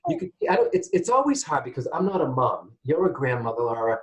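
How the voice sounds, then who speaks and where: A man hosting a call-in psychic reading show, chatty and animated, often turning to address his listeners. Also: medium pitch, quick pace, poor audio. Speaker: psychic medium host.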